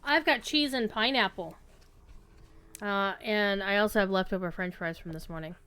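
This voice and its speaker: A woman's voice: mid-range voice, moderate pace, a bit bright. A woman streamer giving wry, chatty commentary while playing a game. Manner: chatty, wry, throat-clearing. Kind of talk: casual gameplay commentary.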